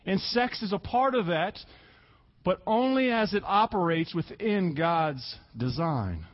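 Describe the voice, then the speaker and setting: A man preaching a sermon as pastor, earnest, stressing key words slowly and repeating himself for emphasis. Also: high voice, animated, muffled recording.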